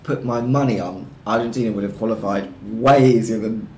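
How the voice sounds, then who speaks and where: Man, podcast co-host, casual, low voice, roomy sound. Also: steady tone, a little fast, mellow. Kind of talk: casual football podcast chat.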